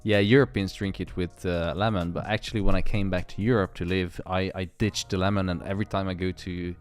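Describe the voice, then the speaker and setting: A man's voice: deep voice, fairly even intonation, fairly quick, clear, resonant tone, faint music behind. A man hosting a live trading stream, chatting casually and joking with guests over a call. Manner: joking, laid-back banter.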